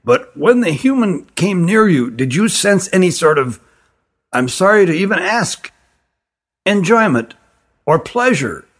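A man reading an audiobook, voicing an old male elder who speaks in a measured, careful and reassuring way. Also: high-pitched, big pitch swings, slightly rough, voice pushed up, full character voice.

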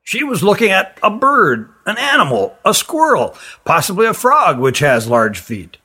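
A man doing Ruggum, a measured old elder. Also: high-pitched, huge pitch swings, sharp tone, breathy edge, pitched above the performer's own voice, exaggerated voice. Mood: reassuring. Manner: measured, careful, reassuring. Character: wise old male elder, an overseer.

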